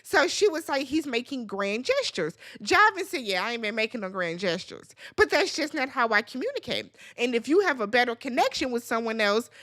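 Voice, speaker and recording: A woman in her thirties recaps a reality show in casual, sassy commentary. Her voice sits high and swoops widely as she acts out what people said. She talks straight to her audience, with lots of asides. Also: brisk, few pauses. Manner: animated, sassy, quotes people in exaggerated voices.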